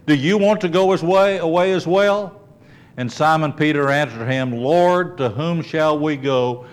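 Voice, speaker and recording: A man teaching a Bible lesson in a conversational way, with a voice of ordinary middle pitch. He explains points as he goes, often checks in with his listeners, and restarts sentences while he thinks aloud. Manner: explains and asks the class, with frequent checks of "okay?".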